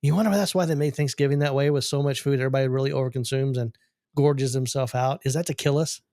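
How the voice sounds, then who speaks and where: Fast-talking joking man podcast host. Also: mid-range voice, fairly even intonation, warm tone, no room sound, clean studio sound. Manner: joking, playful banter. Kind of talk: casual chat.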